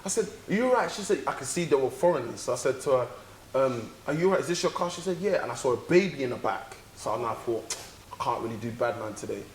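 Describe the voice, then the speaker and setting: A man, telling a story on a podcast in a casual, animated way and acting out the dialogue with some swearing. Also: fairly high pitch, quick pace, a little hiss or hum. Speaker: podcast co-host. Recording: echoey room.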